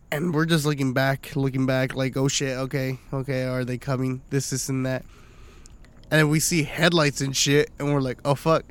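A man's voice: mid-range voice, a bit bright. A young man co-hosting a podcast, telling a story in casual chat, swearing a lot and laughing often. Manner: profane, laughs often while telling stories. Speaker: podcast co-host.

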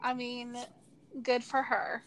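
A woman's voice: on the high side, completely flat delivery, slow, a bit bright. A woman co-hosting a podcast in casual chat, chiming in with short supportive remarks.

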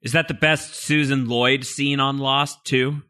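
Bright-voiced teasing male podcast host. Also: medium pitch, fairly even intonation, a little slow, clear, resonant tone. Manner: playful, teasing, then earnest. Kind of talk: casual discussion of a TV show.

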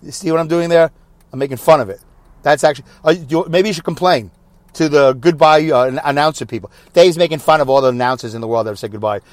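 A man's voice: a little high, fast talker, no room sound. A man hosting a casual solo podcast from his parked car, rambling and poking fun at himself. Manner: rambling, self-mocking, chatty. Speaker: podcast host.

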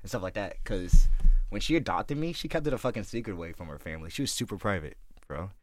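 A man's voice: low voice, expressive, quick pace, a little hiss or hum. A man from St. Louis, a fighter guest on a podcast, telling his life story casually, swearing constantly and asking "right?" after every few phrases. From St. Louis, USA. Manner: profane, laid-back, keeps checking in with "right?".

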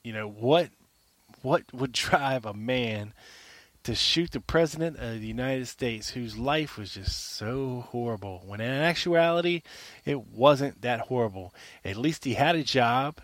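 A man hosting a solo podcast, pressing his point with emphatic repetition and rhetorical questions in a mid-pitched voice. The recording is dry and close, with no room echo. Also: expressive, unhurried, a bit bright. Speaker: podcast host. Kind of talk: argumentative solo monologue.

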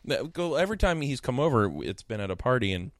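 Man, podcast co-host, a bit tipsy, jokey and self-deprecating, very lively pitch, dry close sound. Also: fast, no echo. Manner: joking, self-deprecating, animated storyteller. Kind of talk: casual chat.

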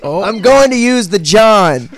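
A man's voice: high voice, lively intonation, unhurried. A man acting a fussy, grumpy husband in an improvised comedy scene. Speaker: actor guest.

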